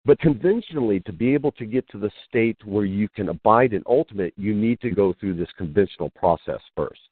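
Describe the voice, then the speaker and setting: A spiritual teacher on a call-in radio show animatedly tells stories and acts out what people said in them. His husky voice is fairly low and fairly quick, carried over a dry phone line with no room sound.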